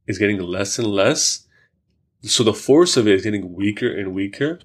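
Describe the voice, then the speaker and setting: A man's voice: on the low side, animated, moderate pace, slightly rough. A man hosting a podcast, talking casually and reflectively, with lots of fillers and worked examples. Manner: reflective, many fillers, talks through examples. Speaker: podcast host. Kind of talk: casual conversation.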